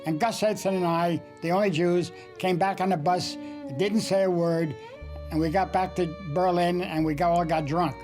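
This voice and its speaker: Recalling his years as a cartoonist, this older man from the United States tells wry, anecdotal stories laced with dry humor for a documentary interview. He speaks at a normal pace in a high-sitting, darkish voice with fairly even intonation, and soft music plays behind him.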